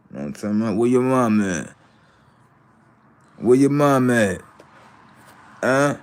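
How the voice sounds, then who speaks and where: A man talking casually on a livestream, with a middle-pitched voice. He rambles, curses and repeats himself, needling his chat. He slides from low mutters into loud, slow taunts. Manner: rambling, profane, repetitive, taunting the viewers. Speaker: livestream host.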